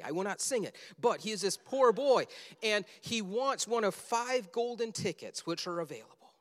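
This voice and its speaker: Male preacher, high-pitched, animated storyteller; long reverb of a big room. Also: normal speed. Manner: animated storytelling, acting out film scenes. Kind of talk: sermon.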